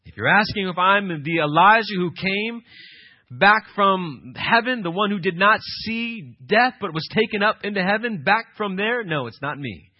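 A male pastor preaching an emphatic sermon, swinging from quiet passages to loud, insistent ones. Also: high voice, animated, normal speed, dry recording, highs cut off.

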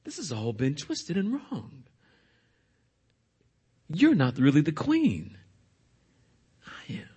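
A preacher voicing a proud young woman servant who speaks in a hushed, scornful way. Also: fairly high pitch, wildly swooping pitch, slow, pauses often, breathy edge, heavily acted.

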